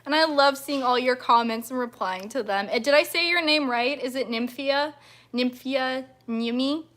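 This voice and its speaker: A woman's voice: high-pitched, moderate pace, a bit bright. A young woman hosting a casual livestream as a mermaid performer, bubbly and giggly, gushing with thanks as she chats with viewers. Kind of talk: casual livestream chat reading viewer comments.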